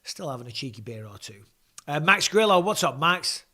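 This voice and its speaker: A man's voice: fairly high pitch, big pitch swings, normal speed, pushed and bright. A middle-aged man, chatting casually and swearing freely as he hosts a live fight watch-along. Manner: chatty, swears casually, reads out viewer comments. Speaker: host and former fighter.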